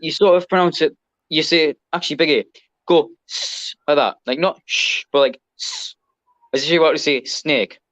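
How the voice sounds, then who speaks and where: A man's voice: on the high side, fairly quick, fairly bright tone, dry recording, low-quality recording. A man with an English accent, a podcast guest, chatting casually and rambling with lots of ums and restarts. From Britain. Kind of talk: casual chat.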